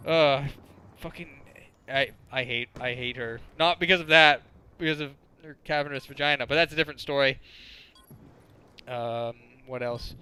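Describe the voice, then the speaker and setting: A man's voice: medium pitch, moderate pace, bright, forceful tone, clear, resonant tone. A man in his twenties telling crude, rambling stories as casual gameplay commentary, full of filler words. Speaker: gaming commentator.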